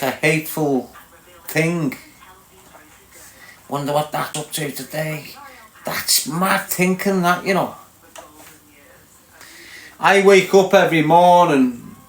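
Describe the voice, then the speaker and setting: A man with a Liverpool accent talking bluntly to his live viewers, lecturing and asking again and again if they understand. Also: a little high. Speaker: livestream host. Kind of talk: casual rant to live viewers. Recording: echoey room.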